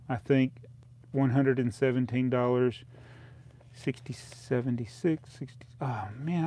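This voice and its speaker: A man's voice: medium pitch, a little mellow. A man hosting a casual live stream, rambling through his old sales, reading out prices, often laughing at himself. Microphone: close desk microphone.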